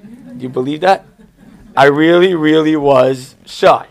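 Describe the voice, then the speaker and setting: A man's voice: on the high side, slow pace. A middle-aged man, a rabbi, teaching a class to an audience in an emphatic style, driving home points with punchy repetition and joking asides. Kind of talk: Torah class to a live audience.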